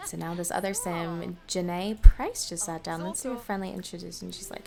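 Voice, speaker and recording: A woman with a lowish, fry-tinged voice talks at a moderate pace while hosting a let's play. She narrates her game casually, with fillers and little laughs, as game music plays in the background.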